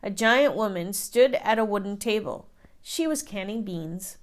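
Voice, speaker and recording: Expressive woman reading a picture book. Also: medium pitch. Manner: expressive, slow storytelling. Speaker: teacher reading to children. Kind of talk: children's book read-aloud.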